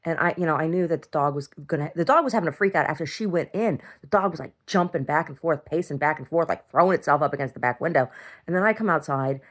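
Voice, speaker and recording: A woman's voice: low-pitched, expressive, fast. A middle-aged woman talking casually in a video diary, blunt and swearing freely as she rambles from one complaint to the next. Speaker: video diarist.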